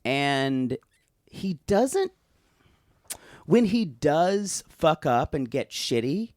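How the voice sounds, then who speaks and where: Speaking in a high-ish, sing-song, slightly mellow voice, a male podcast co-host chats casually to recap things. The studio-quality recording has no room sound, and he rambles, restarts a lot, and tosses off quick impressions.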